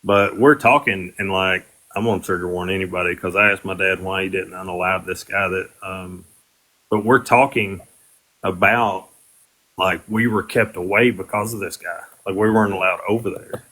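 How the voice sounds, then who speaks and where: Bright-voiced man rambling on a livestream. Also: low-pitched, fairly even intonation, moderate pace. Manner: rambling, with frequent fillers and restarts. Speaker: livestream host. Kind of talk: casual livestream talk.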